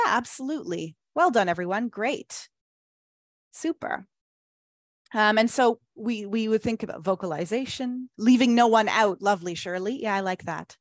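A woman presenting a teacher-training webinar, upbeat and encouraging, reading chat replies aloud with quick praise. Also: on the high side, dry recording, studio quality.

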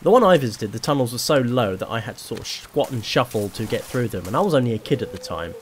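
A man's voice: medium pitch, animated, fast, slight background noise. A man giving chatty, rambling, self-deprecating commentary while playing a video game. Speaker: let's play host. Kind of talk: casual gameplay commentary.

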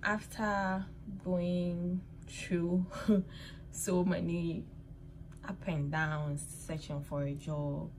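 A woman's voice: lowish voice, flat delivery, drawn-out words, darkish tone, a little hiss or hum. A woman vlogging to a handheld phone, chatty and laughing often, tired and cold from the winter. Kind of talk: casual vlog talk to camera. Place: outdoors in winter streets, later at home.

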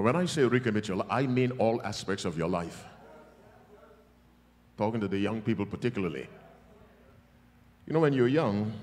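A male preacher giving a revival sermon, emphatic and teasing, with sudden loud bursts. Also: on the low side. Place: large church hall. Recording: long church hall reverb.

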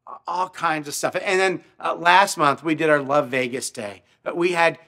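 A man's voice: on the high side, moderate pace, bright, forceful tone. A male pastor telling a story in a sermon, earnest, often repeating his words as he speaks. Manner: stammering repetitions, earnest.

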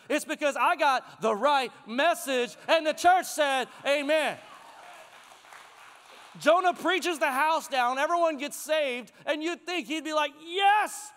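A man preaching a sermon, swinging from near shouts down to hushed, quiet passages. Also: extremely high pitch. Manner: animated preaching, rising to near shouts then dropping to hushed tones. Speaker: pastor. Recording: long hall reverb.

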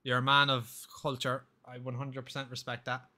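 Bright-voiced young man. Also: medium pitch, normal speed. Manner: animated, rambling, swears freely. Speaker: game streamer. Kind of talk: casual storytelling while gaming.

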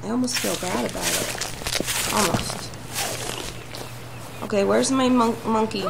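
A woman hosting a gaming channel, commenting as she plays alone. She chats to and scolds her in-game animals, her voice carrying a gravelly rasp and an unhurried pace. A steady hiss sits behind the recording. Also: mid-range voice. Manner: talks to her game animals, erupts into shouted anger. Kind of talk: solo gameplay commentary.

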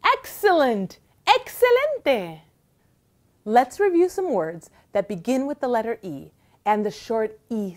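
A woman hosting a bilingual children's lesson, speaking in an encouraging sing-song way. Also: a little high. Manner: slow, lively, encouraging sing-song delivery. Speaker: children's teacher host.

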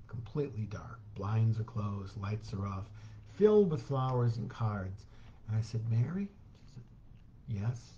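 Man, church talk, animated storytelling, mid-pitched voice, muffled lo-fi sound, faint background noise. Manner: animated storyteller who acts out quoted voices with chuckles. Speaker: hospital chaplain volunteer sharing a story in a church talk.

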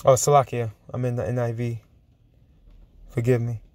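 A man preaching and teaching from scripture, emphatic and chuckling, drawing out verses slowly as he reads. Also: medium pitch, level tone, darkish tone. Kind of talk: sermon-style Bible teaching.

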